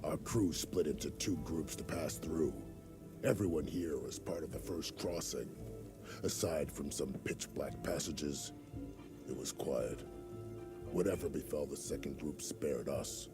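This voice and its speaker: An actor voicing a gruff, weathered male scout in a video game, with an extremely deep, gravelly voice and a measured, matter-of-fact delivery. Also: over music. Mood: steady.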